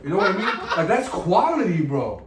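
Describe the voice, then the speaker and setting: Crude joking man, high voice. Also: sing-song, fairly quick, noisy background. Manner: crude, joking, swears a lot. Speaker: podcast co-host. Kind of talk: casual comedic chat. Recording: echoey room, mic at a distance.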